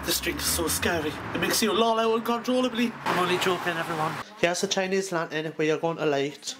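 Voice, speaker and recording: A young man from the UK talks to his viewers in a loose, jokey vlog voice, pitched a little high. He records outdoors at night, and loud traffic and street noise fill the background. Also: fairly quick. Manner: chatty, jokey, talking to viewers. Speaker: vlogger. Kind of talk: casual vlog narration.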